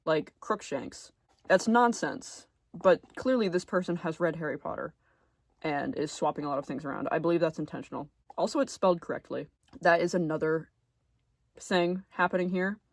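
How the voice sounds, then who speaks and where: A man giving a casual commentary video essay, chatty and full of fillers, often trailing off quietly at the ends of phrases. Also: fairly high pitch, fairly quick, creaky, dry recording.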